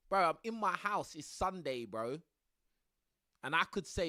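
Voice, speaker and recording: A man's voice: fairly high pitch, animated, normal speed, pushed and bright. A young man chatting casually on a live stream from his home, laughing often and using lots of slang. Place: home room under a studio light.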